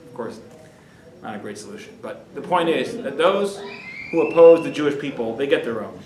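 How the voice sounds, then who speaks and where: A man's voice: medium pitch, moderate pace, a little hiss or hum. A man, a rabbi, delivering a dramatic storytelling lecture in a lecture hall. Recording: roomy hall echo.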